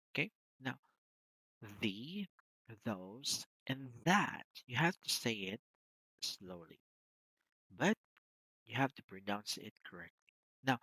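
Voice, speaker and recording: Slow, lively pronunciation coach. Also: medium pitch, no room sound, rough recording. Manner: slow and deliberate, repeating words for drill. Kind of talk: pronunciation lesson for job interview prep.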